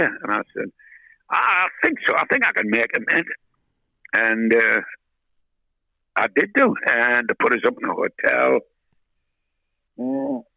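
An older man with a gravelly, husky, bright edge to his voice. His pitch jumps all over as he tells a story, swearing freely and acting out the other people in it. Dry, close studio sound. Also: dry recording, rough recording. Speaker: guest, rock singer. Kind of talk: storytelling anecdote in interview.

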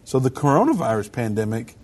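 A man with a husky, slightly breathy voice hosting a casual podcast. He steers the talk and reads out quotes in an even, everyday tone. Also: medium pitch, a little fast. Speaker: podcast host.

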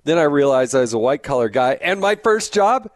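A man's voice: mid-range voice, sing-song, a little fast, dry recording. Chatty male host, dry close sound. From Arizona. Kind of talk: casual interview chat.

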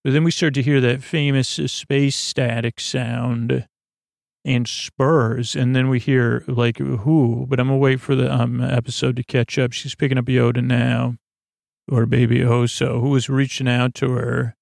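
A man rambling through a deadpan comedic recap of a TV episode, halting often with fillers and restarts. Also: mid-range voice, gravelly, no echo, clean studio sound. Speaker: podcast host recapping an episode.

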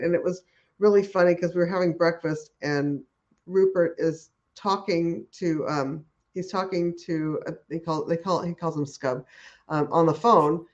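A woman's voice: on the low side, darkish tone. Enthusiastic, rambling woman on lo-fi audio. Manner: enthusiastic, rambling with many restarts and fillers. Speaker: guest who works with horses. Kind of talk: conversational interview. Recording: dull lo-fi audio.

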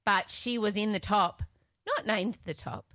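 A woman's voice: medium pitch, unhurried, fairly bright tone, dry recording. A middle-aged Australian woman co-hosting a podcast, chatting and gossiping with frequent laughs. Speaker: podcast co-host. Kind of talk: casual chat.

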